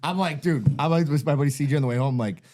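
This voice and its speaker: A man's voice: on the high side, rapid-fire, dark tone. Profane man spinning a yarn. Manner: profane, rambling storyteller. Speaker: guest. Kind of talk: casual podcast storytelling.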